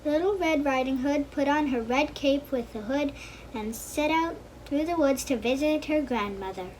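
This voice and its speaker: A woman reads a children's story aloud in a high voice. She makes small slips now and then as she reads. There is faint noise behind her. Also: normal speed, darkish tone, poor audio.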